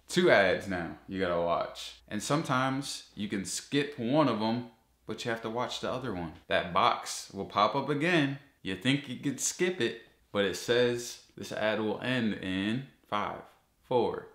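A man vlogging, ranting about ads with heavy swearing, his voice jumping up high when he gets exasperated. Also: fairly bright tone, roomy sound. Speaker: YouTuber. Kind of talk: casual ranting vlog.

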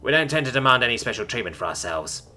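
A man's voice: mid-range voice, very animated, fast talker, pushed and bright, faint music behind. A man voicing a stern male alien officer who speaks dry and curt.

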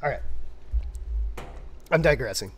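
A man co-hosting a casual brewing livestream, talking in a rambling, animated, digressive way. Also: medium pitch, a little slow, slightly rough. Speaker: brewer and show co-host.

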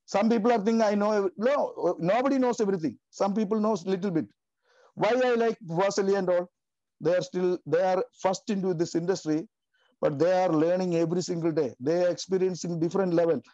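A man in his fifties giving an emotional, passionate testimony in halting, repetitive phrasing. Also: high-pitched, dark tone, no room sound, highs cut off. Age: 50s. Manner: passionate, repetitive, non-native grammar. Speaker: team member giving a testimony.

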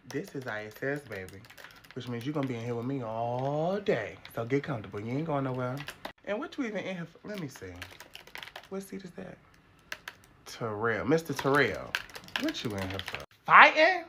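A man's voice: big pitch swings, moderate pace, noisy background. Man playing a stern sassy detention teacher lady. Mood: scolding. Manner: scolding, sassy, low-key. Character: stern no-nonsense woman school detention teacher.

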